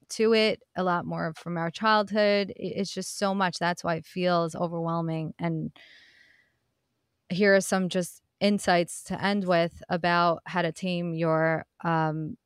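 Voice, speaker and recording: Earnest low-voiced woman podcaster. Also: smooth, no echo, clean studio sound. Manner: earnest, encouraging, addresses listeners as guys. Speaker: podcast host. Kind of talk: motivational self-help talk.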